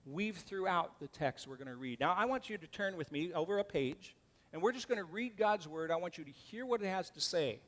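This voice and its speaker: A man preaching a sermon as pastor, reading scripture aloud and speaking earnestly and directly to his congregation in a church. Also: fairly high pitch. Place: church sanctuary. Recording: long church reverb.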